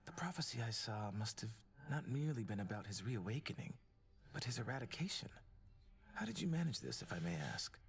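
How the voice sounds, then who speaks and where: An actor voicing a solemn male seer of prophecies in a video game, speaking gravely. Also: medium pitch, sing-song, fairly quick.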